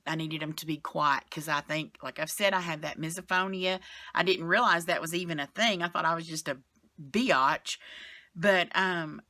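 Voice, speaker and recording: Chatty woman, bright forceful voice. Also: deep voice, dry recording. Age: middle-aged. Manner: rambling, frank, sighs and trails off. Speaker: vlogger. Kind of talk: casual chatty vlog. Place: bedroom, sitting on the bed.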